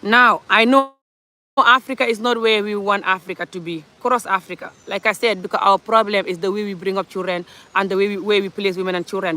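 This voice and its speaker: A woman's voice: mid-range voice, a bit bright. A woman from Gambia, passionately ranting in an opinionated social commentary monologue, full of rhetorical questions. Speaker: commentary vlogger.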